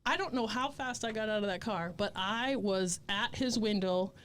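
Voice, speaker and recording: A woman's voice: medium pitch, normal speed, over a noisy crowd. A woman telling a story in a casual chat, profane and laughing as she talks.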